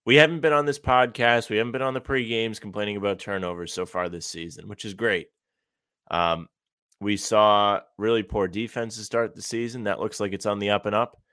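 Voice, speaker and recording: A man co-hosting a sports podcast, giving steady, measured analysis of a game. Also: on the low side, clean tone, no room sound, studio quality. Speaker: podcast co-host.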